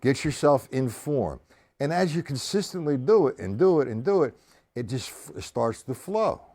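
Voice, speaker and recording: A man's voice: mid-range voice, expressive, normal speed, darkish tone. A man giving a live-streamed drum lesson, counting out and calling stickings aloud as he explains each step, with a drum kit playing behind him. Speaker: drum teacher.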